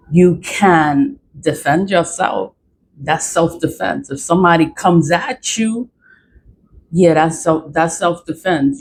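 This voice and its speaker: A woman's voice: sits low, a little hiss or hum, rough recording. A woman ranting in a vlog, profane, exasperated and repetitive. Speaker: vlogger.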